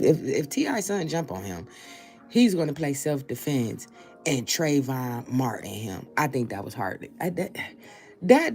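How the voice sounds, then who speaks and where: A woman's voice: medium pitch, dark tone. A woman hosting opinion commentary, emphatic and repeating her points for stress. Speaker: commentary show host.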